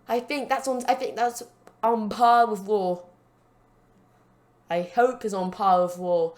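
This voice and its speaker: Hosting a gaming channel, a woman casually narrates matches, rambling with jokes and plugs for herself. Her mid-range voice is steady and darkish, slow with long pauses, picked up by a desk mic whose stand is broken.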